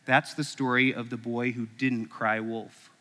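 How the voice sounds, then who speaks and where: A man's voice: mid-range voice, a little slow, slight background noise. A man preaching a sermon, animatedly acting out a story before teaching. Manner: animated, acts out stories. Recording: echoey hall.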